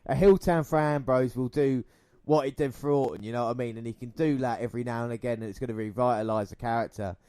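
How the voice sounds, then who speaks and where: A man co-hosting a podcast, giving excitable play-by-play of a wrestling match with swearing and banter, close to the mic. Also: medium pitch, quick pace, hardly any pauses, smooth, dry recording. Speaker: podcast co-host. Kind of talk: casual wrestling watch-along commentary.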